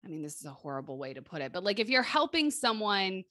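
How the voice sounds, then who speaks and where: A woman in her thirties, co-hosting a casual podcast chat and telling stories with lively, animated delivery. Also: medium pitch, fast, no echo, clean studio sound. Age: 30s. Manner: lively, animated storytelling with quoted voices and laughs. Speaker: podcast co-host and life coach.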